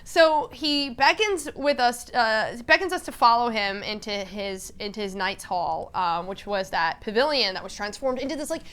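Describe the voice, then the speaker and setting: A woman's voice: on the high side, pushed and bright. A woman vlogger telling an enthusiastic, casual story, full of "like" and fillers. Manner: enthusiastic, filler-heavy with lots of "like".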